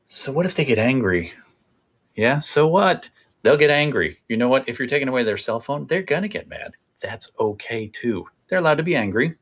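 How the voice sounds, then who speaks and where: A man presenting a parenting workshop in a conversational, animated coaching way. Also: medium pitch, moderate pace.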